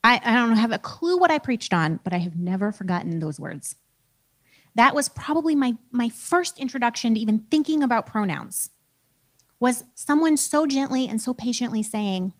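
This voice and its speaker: Lively, higher-voiced woman teacher. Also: moderate pace. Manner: conversational, self-deprecating, laughs often. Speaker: preacher and teacher. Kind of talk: casual teaching talk.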